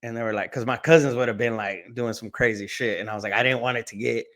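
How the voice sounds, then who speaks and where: A man's voice: medium pitch, fast talker. A man, a guest casually telling a story in a slangy, laid-back way. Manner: laid-back, slangy, animated when acting out quotes.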